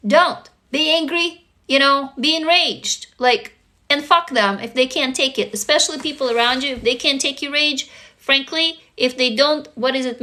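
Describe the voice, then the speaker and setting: A woman's voice: sits high, pushed and bright. A woman hosting a casual livestream, talking to viewers bluntly and swearing freely. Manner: blunt and profane, emphatic. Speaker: livestream host answering viewers.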